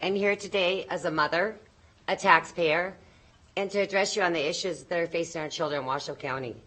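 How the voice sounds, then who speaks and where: A woman's voice: on the low side, fairly quick, a bit bright, poor audio. A woman giving a prepared public comment as a parent, earnest and pleading, nervous and choked up.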